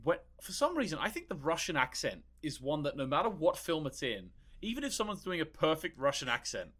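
A man's voice: a little high, sing-song, fairly quick, a bit bright. A man co-hosting a podcast in casual, rambling chat, swearing freely. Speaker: podcast co-host.

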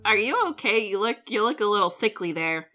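A woman's voice: mid-range voice, lively intonation, fairly quick, bright, forceful tone, faint music behind. A woman playing a tabletop game who rambles playfully in character. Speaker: player. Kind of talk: tabletop role-play chat.

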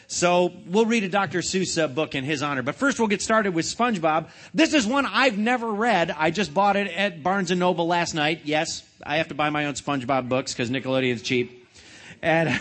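A man playfully reading a picture book aloud to children, joking in between. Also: high-pitched. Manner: playful, jokey, animated. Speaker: storybook reader for children.

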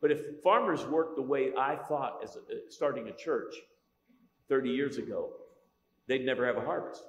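A man's voice: medium pitch, moderate pace. A middle-aged man preaching a humorous sermon, telling stories with lots of restarts. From Italian-American. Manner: joking, storytelling, many restarts. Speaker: pastor. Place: large church hall. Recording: echoey church hall.

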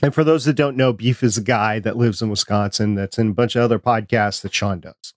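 A man's voice: on the low side, fairly even intonation, a little fast, dry recording. A man co-hosting a casual podcast, speaking in a dry, matter-of-fact way. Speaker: podcast co-host.

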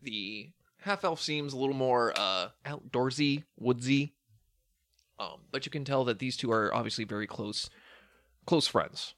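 A man narrating as dungeon master in a relaxed way, with many ums. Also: mid-range voice, a little slow, no room sound, clean studio sound. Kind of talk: narrating a tabletop game.

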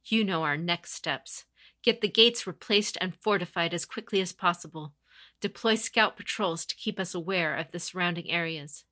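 A woman voicing a proud, commanding female samurai champion who speaks in a stern, measured way. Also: on the low side, pushed and bright, no echo, clean studio sound.

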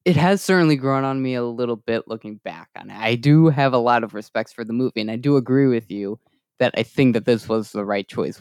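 A man's voice: medium pitch, smooth, dry recording, studio quality. A man co-hosting a casual film discussion, easygoing, often saying "like" and "kinda". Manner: easygoing, says "like" and "kinda" a lot. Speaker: podcast co-host.

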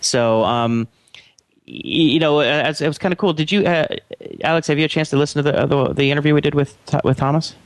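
A man co-hosting a casual tech podcast, talking haltingly with many restarts and rambling asides. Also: fairly high pitch, dry recording. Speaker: podcast co-host.

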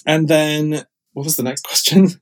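A man's voice: fairly high pitch, little pitch movement, normal speed. A man talking about his show as a podcast guest, chatty and enthusiastic, filling gaps with "um" and "like". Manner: enthusiastic, chatty, many fillers. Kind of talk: casual podcast interview.

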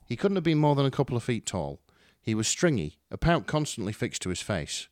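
Man giving a lively story reading. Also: medium pitch, fairly quick, no echo, clean studio sound. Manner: dramatic, wry narration. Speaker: story reader. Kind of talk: expressive fan fiction reading.

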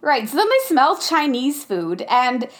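A woman's voice: sits high, big pitch swings, measured pace. A young woman chatting casually as she recaps a movie, giggling often and filling her talk with fillers.

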